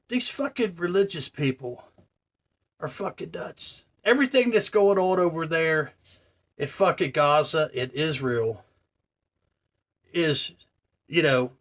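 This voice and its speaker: A man on a vlog spins a story and slides into a profane rant, checking in with his viewers as he goes. His voice sits a bit on the high side. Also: fairly bright tone. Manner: profane, ranting, addresses viewers directly. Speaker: vlogger. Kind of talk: casual storytelling rant to camera.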